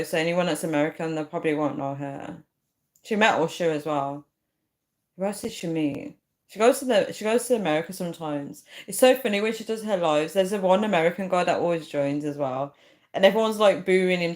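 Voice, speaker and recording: Young woman livestream host, somewhat low voice, rambling and giggly casual chat. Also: darkish tone. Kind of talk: casual live chat reading comments.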